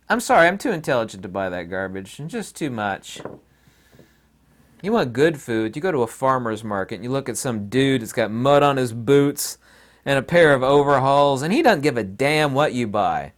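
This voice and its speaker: A man hosting his own channel, talking in a rambling, opinionated and folksy casual monologue. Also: mid-range voice. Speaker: channel host.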